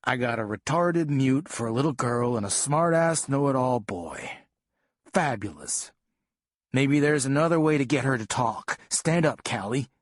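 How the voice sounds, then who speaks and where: A man voicing a low, menacing abusive dad. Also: animated, measured pace, no echo, studio quality, close to an everyday voice. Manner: coaxing then harsh and menacing. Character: abusive, short-tempered father, grown man.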